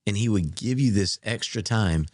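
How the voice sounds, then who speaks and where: A man co-hosting a podcast, speaking earnestly and warmly about people he admires. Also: on the low side, moderate pace, no room sound, studio quality. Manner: earnest, heartfelt storytelling. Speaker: podcast co-host. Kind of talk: casual podcast chat.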